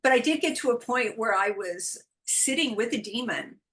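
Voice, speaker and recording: A middle-aged woman from the United States, a guest telling spiritual stories in casual interview chat, animated and quick to laugh. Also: fairly high pitch, poor audio. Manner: animated storytelling, frequent laughs, acts out quoted voices. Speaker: guest, intuitive guide.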